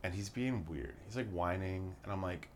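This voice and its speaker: A man's voice: sits low, normal speed, a little mellow, a little hiss or hum. A young man hosting a podcast, chatting casually with lots of swearing and rambling tangents. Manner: profane, rambling storyteller. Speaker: podcast host. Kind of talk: casual chat.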